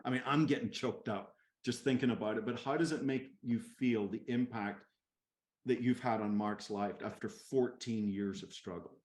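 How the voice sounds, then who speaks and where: A man's voice: mid-range voice, moderate pace, darkish tone, roomy sound. A man hosting a call interview, encouraging and affirming his guests. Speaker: host.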